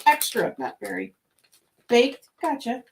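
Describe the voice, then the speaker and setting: A woman's voice: fairly high pitch, lively intonation, takes it slowly, creaky, slight background noise. Chatty woman co-hosting a snack show. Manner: chatty, playful, trails off mid-word. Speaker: snack review show co-host. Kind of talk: casual chat tasting snacks.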